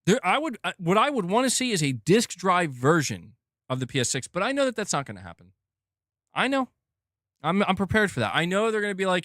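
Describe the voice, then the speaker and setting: A male stream host venting in a loose, exasperated rant, full of swearing and restarts. His voice sits a little high. The sound is dry and close, with no room in it. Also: sing-song, a little fast, fairly bright tone, dry recording. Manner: exasperated, profane, rambling. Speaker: host of a gaming news stream.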